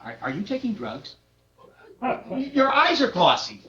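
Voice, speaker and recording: A woman playing a gentle, fussy older father who keeps trying to calm everyone on stage. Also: unhurried, full character voice. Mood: soothing. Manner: coaxing, lively pitch swings. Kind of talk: stage play acting. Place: theater stage. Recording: dull lo-fi roomy stage recording.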